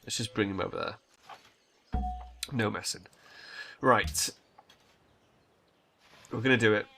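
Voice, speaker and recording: A man's voice: lowish voice, slow pace, creaky, pushed and bright, soft background music. A man hosting a strategy game let's play, casually thinking aloud and swearing now and then. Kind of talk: gameplay commentary.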